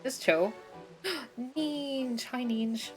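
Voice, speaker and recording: A woman's voice: sits high, very slow, over music, poor audio. Giggly young woman streaming a cozy game. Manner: giggly, bubbly, self-deprecating. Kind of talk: casual live game-streaming chat.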